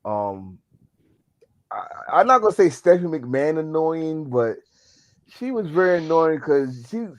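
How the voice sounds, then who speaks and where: A man's voice: fairly high pitch, big pitch swings, measured pace, dry recording. A man co-hosting a podcast, telling things in an emphatic, joking and profane way. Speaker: podcast co-host. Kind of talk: casual chat about pro wrestling. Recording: dull, lo-fi sound.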